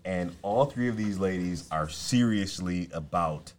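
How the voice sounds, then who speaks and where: A man's voice: sits low, a little slow, a little hiss or hum. Male co-host, casual and loose, running the chat from the board. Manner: loose, joking, steering the talk. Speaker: podcast co-host. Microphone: headphones and board mic.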